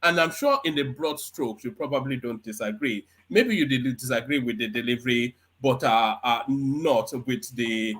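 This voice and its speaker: A male host leads a political discussion, his pitch moving a lot as he talks. He is conciliatory and hesitant, filling pauses often. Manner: lively, conciliatory, hesitant with fillers. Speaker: show host.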